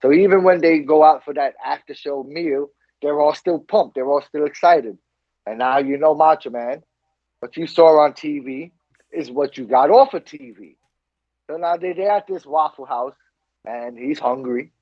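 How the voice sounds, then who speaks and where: A man co-hosting a podcast, telling a story in an animated way and laughing often. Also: on the high side, moderate pace, dry recording, muffled recording. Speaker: podcast co-host. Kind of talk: casual chat.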